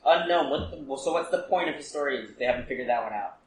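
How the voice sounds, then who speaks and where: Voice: mid-range voice, animated, fast talker, roomy sound, slight background noise, rough recording. A player in a tabletop role-playing game, wry and teasing. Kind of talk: tabletop role-play chat.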